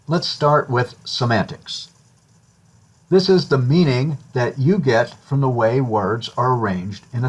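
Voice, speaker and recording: A man with a husky, somewhat breathy voice at a middle pitch talks through a recorded course lecture. He keeps it conversational, with light touches of humor. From United States. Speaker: instructor.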